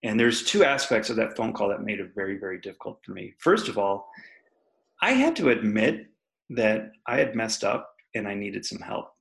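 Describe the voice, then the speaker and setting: Male podcast guest, candid storyteller, gravelly voice, laughs often. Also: fairly low pitch, very animated, moderate pace, fairly bright tone, rough recording. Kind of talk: personal storytelling in an interview.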